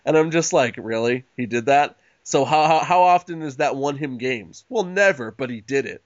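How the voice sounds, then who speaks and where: A man's voice: fairly high pitch, moderate pace, muffled recording. A man co-hosting a podcast in casual chat, swearing and mocking other people's arguments. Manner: profane, mocking, animated storytelling. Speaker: podcast co-host.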